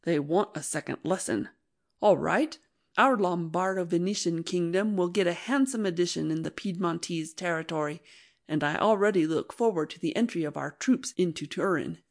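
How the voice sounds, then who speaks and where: A woman reading an audiobook, voicing a blustering old male general who talks in a gruff, boastful, scornful way. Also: fairly low pitch, moderate pace, natural voice. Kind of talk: audiobook narration.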